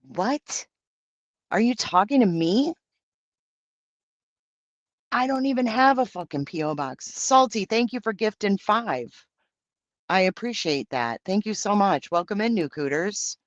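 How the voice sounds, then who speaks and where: A man's voice: sits high, animated, unhurried, pauses often, no echo. A man hosting a livestream, reading out and answering viewer comments in brash, profane, campy banter. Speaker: livestream host.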